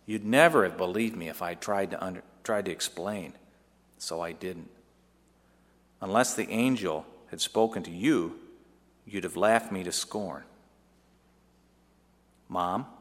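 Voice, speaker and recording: A man's voice: sits low, fairly bright tone, heavily acted. Joseph, a man playing an earnest young son. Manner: heartfelt, tender, storytelling. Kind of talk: dramatic first-person monologue. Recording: long echoey hall reverb.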